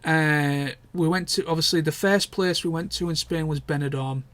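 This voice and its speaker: A man's voice: on the high side, moderate pace, fairly bright tone, no room sound. A young man, chatting casually and candidly in a rambling vlog catch-up, with the odd swear word. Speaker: vlogger. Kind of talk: casual chat.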